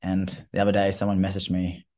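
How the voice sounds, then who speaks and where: Aussie guy with a deep voice doing his coaching podcast, rambly and casual. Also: monotone, fairly quick, darkish tone. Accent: Australian. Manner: chatty, rambling, informal with fillers. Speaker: fitness coach podcast host. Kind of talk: casual solo podcast talk.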